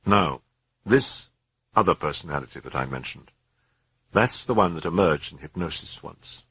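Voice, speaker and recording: A man voicing a troubled Jesuit priest who questions earnestly, in a husky, deep voice. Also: lively intonation, normal speed, fairly bright tone, dry recording, heavily acted.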